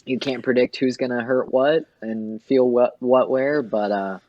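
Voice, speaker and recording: A man's voice: medium pitch, fairly even intonation, unhurried, no room sound, dull audio. A man, a tattoo artist, talking casually as a guest and swearing freely. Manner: laid-back, swears freely. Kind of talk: casual chat.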